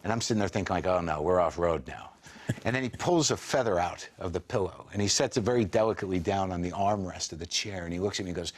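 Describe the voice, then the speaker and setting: A man in his forties with a fairly low voice spins a long anecdote as a talk show guest. He talks fast and animated, slipping into quoted voices as he goes. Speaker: interview guest, comedian. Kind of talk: storytelling in a talk show interview.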